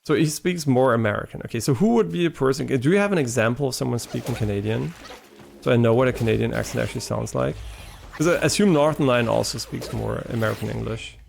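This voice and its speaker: Gravelly-voiced male streamer chatting. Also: medium pitch, fast talker, a little hiss or hum. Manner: rambling, chatty, answers chat, swears casually. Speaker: live streamer. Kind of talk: casual live-stream chat while gaming.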